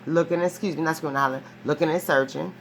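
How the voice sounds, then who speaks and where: A woman with a deep, low voice talks through a tarot reading in a loose, conversational way. She is emphatic and profane, circles back on her own phrases, and keeps asking "right?" There is a faint background hiss. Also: very fast, vocal fry. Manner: rambling and profane, ends phrases with a questioning "right?"; animated, emphatic storytelling with frequent restarts. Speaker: tarot reader. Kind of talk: casual spoken tarot reading.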